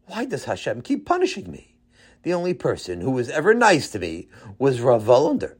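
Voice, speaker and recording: A man voicing a bumbling adult man who thinks he is a great tzaddik, in a high, whiny, emotional voice. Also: huge pitch swings, a little fast, husky. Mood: sobbing.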